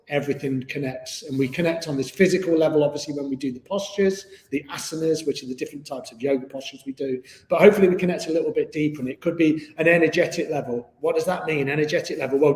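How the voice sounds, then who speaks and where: Chatty yoga teacher guy, bit high voice, lots of ums, roomy echo. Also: darkish tone. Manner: easygoing, chatty, many fillers. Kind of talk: live online yoga class. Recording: echoey room with long reverb.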